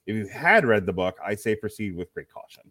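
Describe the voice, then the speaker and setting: Low-voiced laughing podcast host. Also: male voice, very animated, fairly quick, a bit bright, no echo, clean studio sound. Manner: reads out critics' quotes, laughing and wry. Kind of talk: casual movie review chat.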